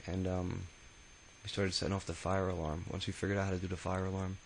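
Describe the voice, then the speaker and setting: Gravelly low-voiced man, rambling memoir. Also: little pitch movement, fast, a little hiss or hum, low-quality recording. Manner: rambling and profane, many fillers and restarts. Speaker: autobiography narrator. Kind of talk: casual spoken memoir.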